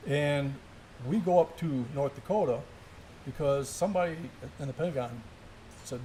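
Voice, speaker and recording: A middle-aged man recounts his army days with animated, blow-by-blow energy. His voice sits somewhat high for a man. Faint background noise hangs under the talk in the indoor event space. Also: moderate pace. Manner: animated, vivid play-by-play storytelling. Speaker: military veteran telling war stories. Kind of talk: live interview storytelling.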